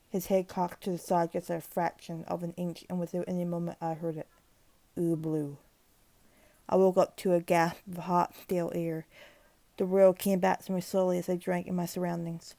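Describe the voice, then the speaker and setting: A woman reading a creepypasta aloud in a steady, grim narration with occasional restarts. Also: lowish voice, vocal fry, no room sound. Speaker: horror story narrator.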